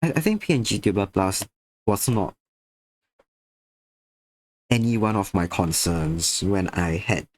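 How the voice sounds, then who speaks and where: His voice sits low, and he keeps a measured pace, pausing often. A drowsy, slightly sick man, he slurs a little while chatting casually with his audience during an art stream.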